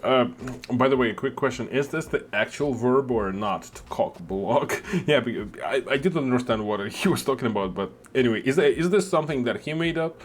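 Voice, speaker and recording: A man's voice: medium pitch, lively intonation, brisk, hardly any pauses, a little hiss or hum. Russian-accented man reacting thoughtfully. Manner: thoughtful, hesitant, many fillers. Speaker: reaction channel host. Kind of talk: reaction commentary.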